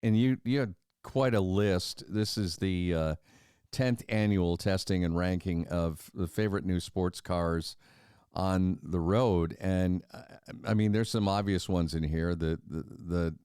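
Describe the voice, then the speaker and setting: Deep-voiced middle-aged male podcast host. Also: fairly even intonation, measured pace, darkish tone, clear, resonant tone, no echo, clean studio sound. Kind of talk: interview hosting.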